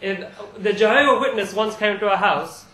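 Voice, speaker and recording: High-voiced man telling stories. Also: normal speed, sharp tone, a little hiss or hum. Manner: chatty storytelling, with frequent restarts and chuckles. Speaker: invited speaker at a student society talk. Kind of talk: informal religious talk with personal anecdotes. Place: university lecture room. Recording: echoey room, live talk recording.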